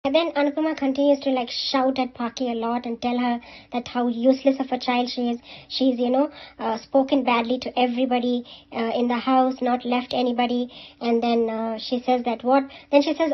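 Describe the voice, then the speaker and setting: A chatty woman, recapping a serial episode at a fairly high but level pitch. She fills her talk with "uh" and "you know" and turns to scold or cheer the characters directly. The recording is a little dull and lo-fi. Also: level tone, brisk.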